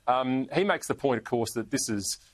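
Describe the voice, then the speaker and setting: An Australian man appears as a politician guest in a casual interview, speaking at a moderate pace in an animated mid-range voice. He's chatty, chuckles through his stories, and trails off with fillers, and there's no room sound.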